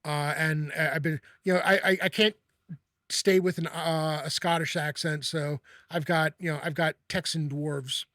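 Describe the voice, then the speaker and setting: Halting man with a fairly high, dry voice. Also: steady tone, a bit bright, dry recording. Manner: halting, many restarts and repeated words. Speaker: host. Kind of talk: casual chat.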